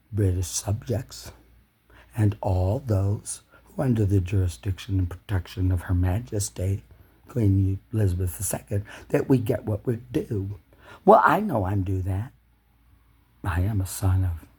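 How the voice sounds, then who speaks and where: A man delivering an angry, swearing monologue to camera, ranting with loud shouted bursts. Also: fairly low pitch, breathy edge. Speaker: video blogger.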